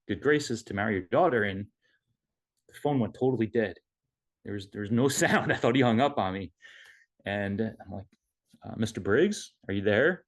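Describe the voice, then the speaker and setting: A man with a fairly low voice shares a personal story at an online memorial, talking over a video call from home. He speaks in a casual, halting way, full of fillers and restarts. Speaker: memorial speaker, son-in-law.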